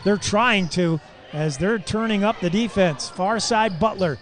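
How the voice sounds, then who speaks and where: Man, high voice, live basketball play-by-play, folksy local radio caller, shouts on big plays, ball bouncing in the gym. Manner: rapid, excitable calls that rise into shouts on big plays; folksy, chatty asides to listeners. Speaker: play-by-play announcer.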